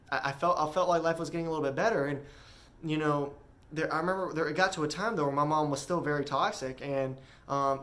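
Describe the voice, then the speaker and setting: A young man earnestly recounting his personal story, halting often with fillers and restarts. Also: medium pitch, a bit bright. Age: young adult.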